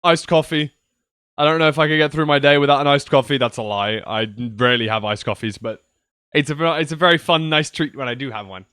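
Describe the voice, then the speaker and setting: A man's voice: mid-range voice, fast talker, bright, forceful tone, smooth, no echo, clean studio sound. A young man rambling casually to his viewers on a livestream from his computer, swearing now and then. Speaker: streamer. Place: at home at a PC.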